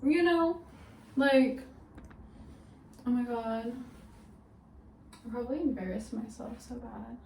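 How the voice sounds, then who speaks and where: Young woman vlogger, higher-pitched, chatty and rambly, roomy home sound, faint room noise. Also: slow pace, creaky, pauses often, darkish tone, distant mic. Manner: chatty, rambling, full of "like" and "literally". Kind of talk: casual storytime vlog.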